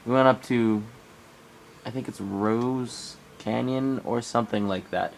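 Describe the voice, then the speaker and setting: A man's voice: unhurried, vocal fry, a little hiss or hum. A teenage man from Arizona with a cold, telling a rambling camping story in a casual vlog. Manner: rambling, animated in quoted bits. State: coming down with a cold. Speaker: vlogger. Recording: faint background ambience, low quality.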